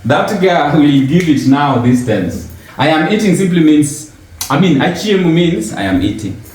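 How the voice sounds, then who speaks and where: A man's voice: on the high side, sing-song, moderate pace, a little mellow. A man giving an informal language lesson, patiently asking questions and repeating words for his learner. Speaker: language teacher. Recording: very echoey room.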